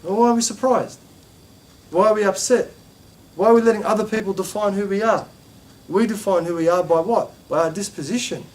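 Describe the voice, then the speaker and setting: A male religious teacher gives a class in a lively, emphatic manner. He fires off rhetorical questions and stresses his points by repeating them. His voice sits fairly high for a man. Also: fairly quick. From Australia.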